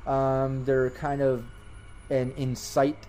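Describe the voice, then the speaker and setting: A man's voice: medium pitch, monotone, slow, warm tone, slight background noise. A young man narrating a tabletop game as game master, rambling with many fillers.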